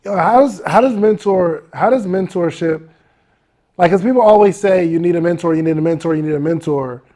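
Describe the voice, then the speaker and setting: A man hosting a podcast who talks in an excitable, slangy way and says "yo" a lot. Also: high voice, brisk. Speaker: podcast host. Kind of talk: casual interview talk.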